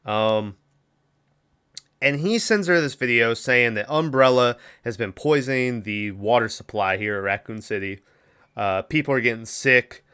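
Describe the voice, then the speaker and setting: A man's voice: mid-range voice, lively intonation, a little slow, pushed and bright, clean tone. A man hosting a podcast, recapping a movie in rambling casual chat with acted-out quotes. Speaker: podcast host.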